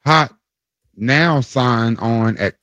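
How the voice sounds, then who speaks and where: A man's voice: mid-range voice, extremely slow, bright, forceful tone, dry recording, lo-fi sound. A man appearing as a regular guest on a sports radio show, running a playful quiz and teasing the host. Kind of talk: casual radio chat.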